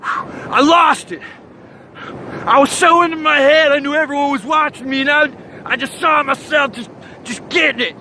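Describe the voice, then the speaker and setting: Young man from Florida, surfer-dude comic monologue; very high, forceful voice, hyped slang and shouted sound effects. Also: moderate pace, slight background noise, low-quality recording. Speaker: comic vlogger.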